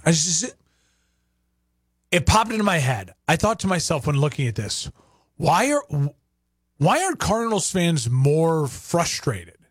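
Male sports talk host, animated, opinionated rants, high lively pitch. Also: dry recording, studio quality. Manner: animated, ranting, rhetorical questions.

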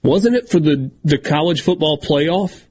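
Sports radio host, male, slightly high husky voice, talkative, leads the chat. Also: animated, measured pace, darkish tone. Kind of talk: casual sports talk banter, reads ad copy.

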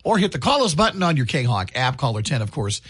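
A man's voice: mid-range voice, fairly quick, husky. A man co-hosting a morning radio show, joking and laughing often as he reads promos and chats with his co-host in the studio. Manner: jokey, laughs often, animated delivery. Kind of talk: upbeat radio banter. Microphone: studio microphone.

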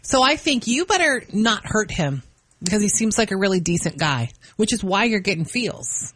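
A woman hosting a morning radio show, teasing and pushing her co-host in a lively banter. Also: mid-range voice, moderate pace, no echo. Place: radio studio. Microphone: studio microphone.

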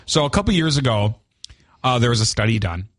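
A man's voice: medium pitch, animated, fairly quick, a bit bright, no room sound. A man from Minnesota with a Minnesotan accent co-hosting a morning radio show, joking and chatty as he walks through a study in a studio. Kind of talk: casual on-air banter. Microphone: studio microphone.

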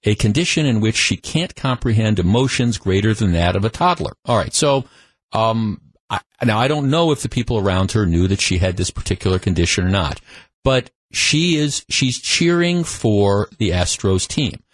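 A man's voice: fairly low pitch, animated, moderate pace, dry recording. A man hosting a talk radio show, telling a story in a conversational monologue full of restarts, on a studio microphone.

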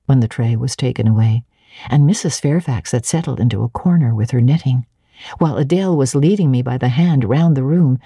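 Woman reading a classic novel aloud, low voice, husky, first-person audiobook narration, expressive. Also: no room sound, clean studio sound. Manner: expressive, clearly paced reading.

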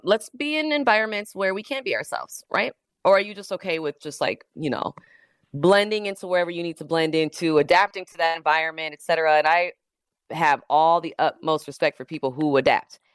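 A woman radio host talks with a fairly low voice and plenty of slangy emphasis. She keeps throwing rhetorical questions at her listeners. The studio sound is close and dry. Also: clear, resonant tone, dry recording. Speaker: radio talk show host. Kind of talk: opinionated call-in radio talk. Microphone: studio microphone.

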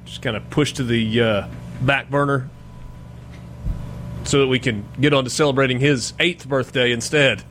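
A man, hosting a sports radio show in a chatty, self-deprecating way that turns animated when he jokes. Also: mid-range voice, normal speed, pauses often, slight background noise. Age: 40s. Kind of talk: casual sports radio talk.

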